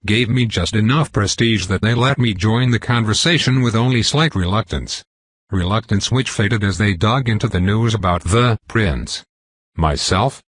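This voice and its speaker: A man narrating a fantasy web novel in the first person, with measured, even storytelling. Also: fairly low pitch, breathy edge, no echo. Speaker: audiobook narrator.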